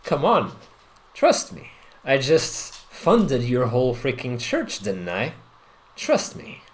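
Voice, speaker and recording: A sly, creepy fat duke, played by a man coaxes in a falsely soothing voice. His pitch swings widely from phrase to phrase. He is a figure in a tabletop fantasy game. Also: expressive, slow. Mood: coaxing.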